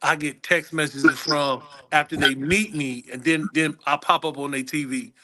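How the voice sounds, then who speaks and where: A man's voice: a little high, moderate pace. A middle-aged man, a guest comedian, telling stories in a casual interview and acting out the people in them. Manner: animated, acts out the people in his stories.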